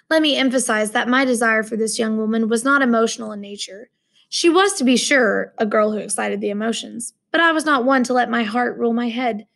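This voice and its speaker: Gravelly English teacher reading aloud. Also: female voice, on the high side, fairly bright tone. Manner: casual, explanatory. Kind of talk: reading a story aloud and explaining it.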